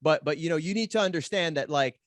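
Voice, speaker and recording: A man and podcast guest telling a story in an animated way, fast and with many restarts as he acts out quoted arguments. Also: fairly high pitch, no echo. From Canada. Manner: rapid, repeats words while acting out quoted arguments. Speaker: podcast guest, pro wrestler.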